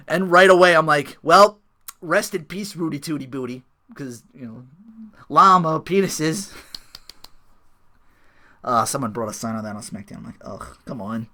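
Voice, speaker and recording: A man with a fairly high, bright, ringing voice hosts a loose wrestling chat. He talks in lively swoops, laughs often and slips into put-on quotes. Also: unhurried, pauses often. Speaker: podcast host.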